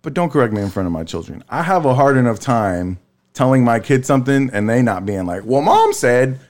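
A tired man in his thirties holds forth in a loose, profane storytelling chat, his voice sitting at an ordinary middle pitch. When he quotes someone his voice jumps sharply upward. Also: brisk. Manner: animated storyteller, swears freely, jumps high when quoting. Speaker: podcast co-host.

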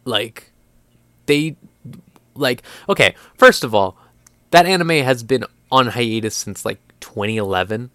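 A young man co-hosting a podcast chats casually and incredulously, his mid-range, fairly bright voice moving at an unhurried pace. He uses plenty of filler words and swears a lot, and there's no room sound on the recording.

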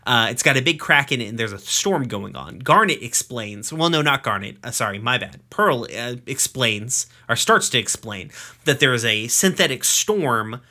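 In a medium-pitched, expressive voice that sounds pushed and bright, a man hosting a podcast goes over a cartoon episode in a casual chat. He swears, jokes, and tosses in quick acted quotes.

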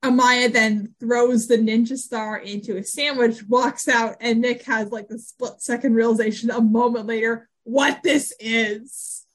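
A fairly high-voiced woman recapping a TV episode in casual chat. She talks in an animated way, jumping into the characters' lines as she retells each scene. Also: unhurried. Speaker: podcast co-host.

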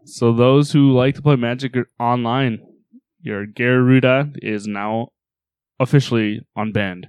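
A man's voice: mid-range voice, steady tone, unhurried, a little mellow, clear, resonant tone, no room sound. A man co-hosting a casual podcast, with dry teasing remarks. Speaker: co-host. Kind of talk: casual chat.

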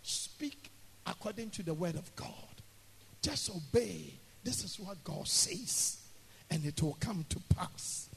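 A man preaching a sermon, swinging between shouts and near whispers and calling on the congregation to repeat after him. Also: sits high, big pitch swings, takes it slowly, gravelly, a little hiss or hum. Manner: swings from shouting to hushed, call-and-response with the congregation. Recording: echoey hall.

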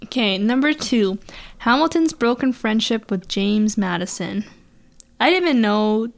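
A woman's voice: a little high, lively intonation, measured pace, gravelly. A woman co-hosting a casual podcast, reading out list entries and laughing easily between points. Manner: reads list entries aloud, laughs often. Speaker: podcast co-host.

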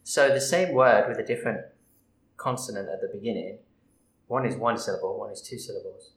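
A man's voice: fairly low pitch, a little fast, reverberant, rough recording. A man co-hosting a casual podcast chat, explaining emphatically. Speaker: podcast co-host.

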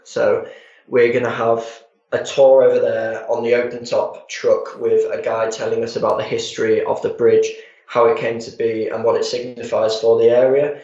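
A man's voice: mid-range voice, warm tone. A man describing a tour itinerary in casual interview talk, hesitant with many fillers. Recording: muffled, roomy.

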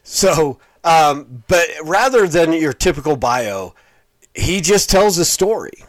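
A man's voice: a little high, animated, slow. A middle-aged man giving casual video commentary on preachers, rambling with fillers and restarts.

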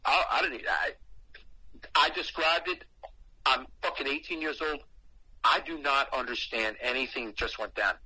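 A man's voice: mid-range voice, moderate pace, long pauses, sharp tone, slightly rough, poor audio. A man telling a story casually and animatedly, with lots of swearing.

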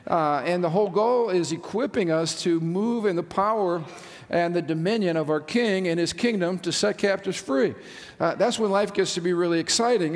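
A male pastor preaching a sermon with enthusiasm, using frequent "uh" fillers and asking the congregation questions. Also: sits high. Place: large church sanctuary. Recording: long church-hall reverb.

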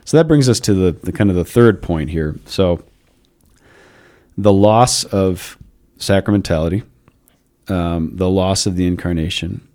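A man's voice: deep voice, a little slow, darkish tone. A man hosting a casual, reflective discussion, thinking aloud with frequent restarts. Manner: thoughtful, with frequent restarts and musing asides. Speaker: podcast host.

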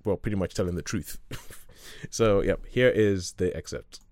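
A man's voice: low-pitched, unhurried, darkish tone, dry recording, studio quality. A man hosting a film podcast, chatting casually, rambling and correcting himself as he goes. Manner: rambling, with self-corrections and laughs. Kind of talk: casual chat.

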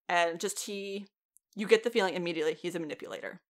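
A woman co-hosting a podcast, recapping a TV show in casual, animated chat, swearing freely and laughing often. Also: mid-range voice, fairly quick. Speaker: podcast co-host.

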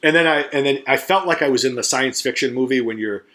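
A man's voice: medium pitch, fast, fairly bright tone, slight background noise. A middle-aged man and podcast co-host telling a story in casual chat, rambling and swearing freely, and acting out the voices of the people he quotes.

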